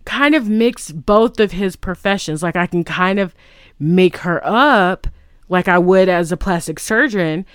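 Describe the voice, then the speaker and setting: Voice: mid-range voice, measured pace, a bit bright, clean tone, no room sound. A vlogger retells a film plot casually, rambling through restarts and "like". The voice sits in a mid range and sounds dry and close, with no room around it.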